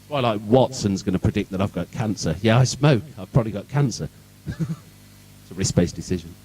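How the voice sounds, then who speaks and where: A man's voice: lowish voice, lively intonation, a little fast, dark tone, slightly rough, far from the mic, poor audio. A man from Birmingham with a Birmingham accent, giving an irreverent, sarcastic conference talk on security and swearing freely. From England, Birmingham. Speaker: conference speaker. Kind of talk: sweary comic tech talk. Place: event hall.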